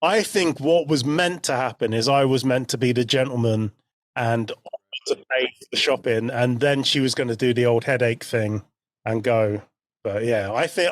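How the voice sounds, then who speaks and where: A man in his forties co-hosts a podcast, telling a story in a relaxed, chatty way. His voice sits at an ordinary pitch, and the recording is close and dry with no room sound. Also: no echo. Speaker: podcast co-host. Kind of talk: casual chat.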